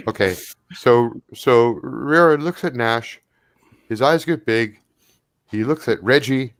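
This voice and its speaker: A man's voice: slow pace, pauses often, no room sound. Dry-voiced man running a tabletop game. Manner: animated, puts on high voices for creatures. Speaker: game master.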